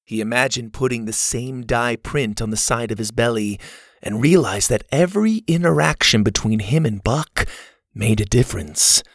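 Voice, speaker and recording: A man narrating a children's adventure story in an expressive, animated way. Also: mid-range voice, moderate pace, no echo, studio quality.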